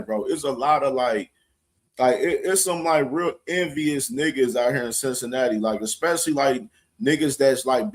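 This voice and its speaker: A man hosting a casual talk show, speaking loosely with lots of fillers and repeating "bro". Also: mid-range voice. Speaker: show host. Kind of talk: casual chat.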